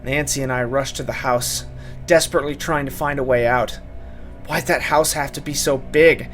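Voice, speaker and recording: A man's voice: mid-range voice, steady tone, normal speed, fairly bright tone, soft background music. A man narrating a first-person horror story, dramatic and urgent in his telling.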